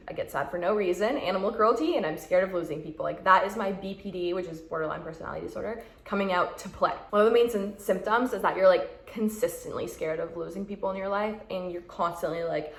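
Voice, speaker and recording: A woman's voice: lowish voice, quick pace, few pauses. A young woman vlogger giving frank, chatty advice and acting out quoted thoughts. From Canada. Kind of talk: casual advice chat. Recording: roomy echo.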